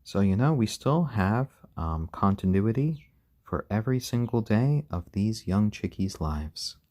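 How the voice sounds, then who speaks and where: A man hosting a casual live stream at home, gently chatting to viewers and talking softly and fondly to his baby chickens. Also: lowish voice, lively intonation, measured pace.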